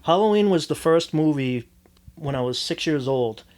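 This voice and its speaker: A man chatting casually on a podcast, telling animated stories and slipping into voices for people in them. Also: a little high, normal speed. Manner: animated storyteller, does voices in anecdotes. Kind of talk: casual chat.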